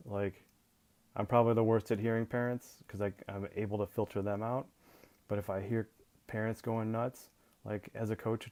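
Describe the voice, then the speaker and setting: A man's voice: fairly low pitch, warm tone. A man who coaches lacrosse, talking casually through a Q&A and often tagging his points with "right?". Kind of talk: coaching Q&A talk.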